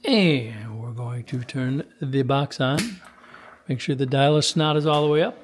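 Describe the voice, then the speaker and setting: A man's voice: mid-range voice, unhurried, a little hiss or hum. A man in a radio workshop giving casual commentary to a camera while testing and tuning a radio, in a folksy, chatty way. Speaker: CB radio technician.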